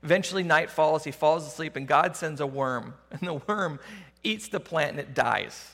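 Pastor guy preaching, casual storyteller vibe, bright sharp voice, echoey church hall. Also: on the high side, moderate pace, vocal fry. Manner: conversational, animated storytelling, casual slang. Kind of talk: sermon.

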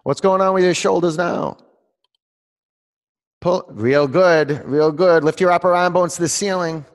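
Teaching a live yoga class in a large studio room, a man calls out poses, counts breaths, and jokes with students by name. His voice is high-pitched and a little slow, carrying a big-room sound.

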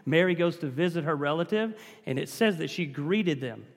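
A man delivers a church sermon in a voice pitched a little higher than most men's, expressive and at a moderate pace. He builds emphasis and calls out to the congregation, and the long reverb of a large hall rings around him.

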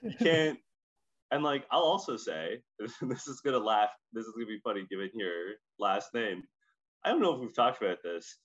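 A man from Scotland co-hosting a podcast, telling stories in a lively, chatty way full of "like". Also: fairly low pitch, moderate pace, muffled recording. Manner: animated storytelling, lots of "like". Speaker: podcast co-host. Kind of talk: casual chat.

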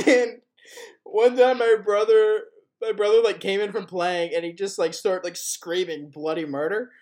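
A man's voice: sits high, steady tone, unhurried, a little mellow. A man hosting a podcast, telling rambling stories with frequent laughter and swearing. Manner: laughing, profane, rambling anecdotes. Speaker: podcast host. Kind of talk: casual chat, storytelling.

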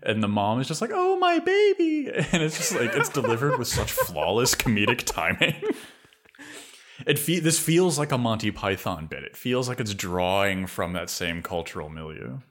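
A man's voice: on the low side, animated, normal speed, a bit bright. A man co-hosting a podcast, talking movies in a rambling way, full of filler words. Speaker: podcast co-host. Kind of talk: casual film discussion.

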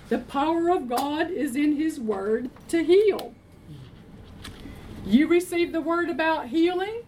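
A woman's voice: sits high, a little mellow, slight background noise, poor audio. A woman preaching a sermon, emphatic, repeating her phrases and answering her own questions.

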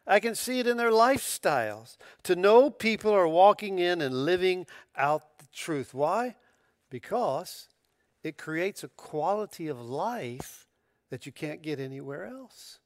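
A man preaching a sermon as a pastor, emphatic and animated, often stumbling over restarts as he builds to a point. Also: sits high, unhurried, no room sound, studio quality.

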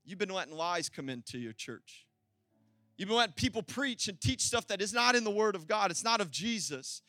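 High, bright-voiced man preaching. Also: normal speed, no echo, clean studio sound, soft background music. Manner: animated, rising to emphatic calls of "amen?". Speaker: pastor. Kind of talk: sermon.

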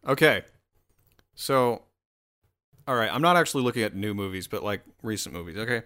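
A man's voice: on the low side, animated, a little fast, pauses often, pushed and bright. A man hosting his own solo show, rambling and swearing in a casual rant full of restarts. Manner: rambling, profane, self-interrupting.

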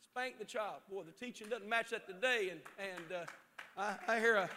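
High, bright-voiced preaching pastor. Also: male voice, brisk, a little hiss or hum. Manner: preaching with rising shouts and storytelling. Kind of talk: sermon. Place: church sanctuary.

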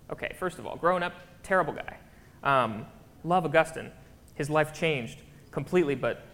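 A man's voice: on the high side, a bit bright. Chatty preacher man in a reverberant hall. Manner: chatty, keeps checking in with the crowd. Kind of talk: casual conversational sermon. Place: church.

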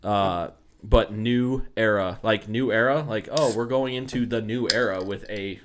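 A man's voice: lowish voice, measured pace, slight background noise. A man hosting a casual sports podcast, rambling and sarcastic, often repeating words as he goes. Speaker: podcast host.

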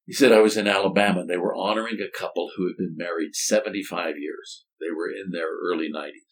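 An older man, a former college president, telling stories in a thoughtful, halting way with folksy turns of phrase. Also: sits low, fairly even intonation, low-quality recording. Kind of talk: reflective conversational storytelling.

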